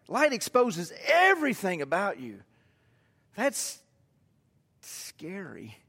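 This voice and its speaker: A pastor preaching a sermon to his congregation, swinging from loud to hushed. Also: high voice, big-room sound.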